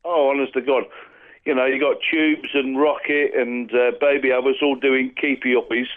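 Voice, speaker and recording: An enthusiastic man called in as a podcast guest, heard through a thin, tinny phone line. His voice sits at an ordinary mid pitch for a man. He rambles cheerfully and fills his sentences with "you know". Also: flat delivery, normal speed. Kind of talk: casual chat.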